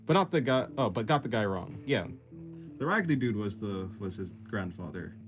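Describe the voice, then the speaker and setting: A man's voice: fairly low pitch, sing-song, moderate pace, soft background music. A man livestreaming while he sketches, reading chat aloud and rambling in a self-deprecating way that often breaks into laughs. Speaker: art livestreamer.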